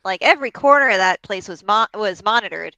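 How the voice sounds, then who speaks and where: A woman playing in a tabletop game, with a bright, sharp tone and a dry, close sound. She muses aloud and hums as she thinks things over. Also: medium pitch, lively intonation, dry recording, low-quality recording. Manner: musing, drawn-out hums. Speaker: player.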